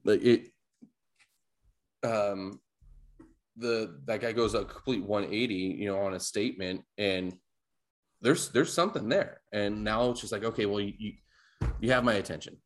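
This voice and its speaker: Low-voiced halting male podcaster. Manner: halting, restarts often with fillers. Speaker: podcast co-host. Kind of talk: casual sports podcast chat.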